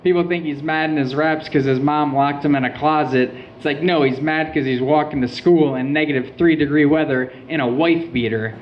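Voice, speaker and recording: Young guy doing standup, kinda high voice, deadpan stories, muffled lo-fi live recording. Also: moderate pace, few pauses, slight background noise. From Michigan. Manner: deadpan storytelling with quoted asides. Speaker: stand-up comedian. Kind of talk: stand-up set. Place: small venue with a live audience.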